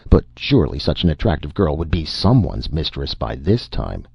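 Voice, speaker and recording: A man narrating a short story as an audio drama reading, with a steady storytelling manner. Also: a bass voice, normal speed, creaky, husky, no room sound, highs cut off.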